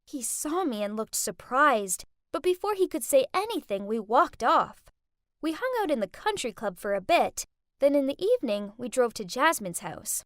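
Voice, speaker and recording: High, lively woman narrator. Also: moderate pace, no room sound, studio quality. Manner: expressive, dramatic. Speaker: story narrator. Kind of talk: scripted first-person narration.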